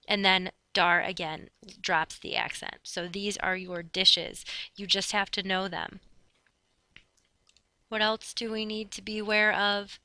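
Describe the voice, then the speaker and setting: A woman teacher talking through a recorded Spanish grammar slideshow in a brisk, chatty classroom manner. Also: medium pitch, sharp tone, smooth, no room sound.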